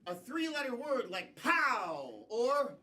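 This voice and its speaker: A man hosting improv games on a comedy stage, playful and often laughing, with loud announcements. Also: very high-pitched, sing-song, slow, crowd noise. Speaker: improv show host. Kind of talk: live improv game hosting. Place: comedy theater with live audience. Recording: distant mic, loud audience.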